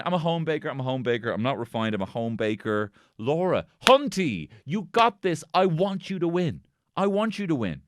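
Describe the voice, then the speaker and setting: A man's voice: fairly high pitch, dry recording, clean studio sound. A man hosting a solo comedy podcast, rambling, swearing and joking as he recaps. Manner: sweary, rambling, jokey, bursts into silly voices. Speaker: podcast host.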